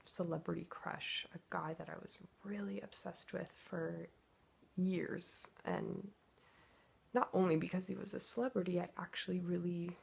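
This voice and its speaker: A woman with a gravelly, husky voice pours out a personal story, confessional and emotional. She sits fairly low in pitch, with lots of vocal fry, and keeps slipping into quoted thoughts. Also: fairly even intonation, moderate pace, darkish tone. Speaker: twin flame coach.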